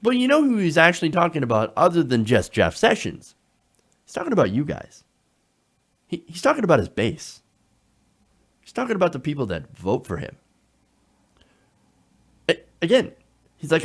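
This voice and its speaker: Sarcastic guy doing political commentary, voice jumps all over, kinda high. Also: normal speed, long pauses. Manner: sarcastic, animated, drops into mocking quotes.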